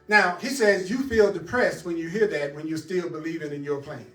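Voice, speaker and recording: A man with a notably high voice leads a spiritual teaching session. He speaks emphatically and laughs often as he addresses his listeners directly. The sound is roomy and echoey. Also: normal speed, few pauses, pushed and bright, distant mic, faint music behind. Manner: emphatic, laughing, talks straight to the audience. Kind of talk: teaching a class.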